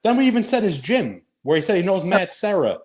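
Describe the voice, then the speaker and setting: A man with a fairly high voice whose pitch swings widely as he talks. He recounts the events with casual disbelief while co-hosting. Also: very animated, brisk.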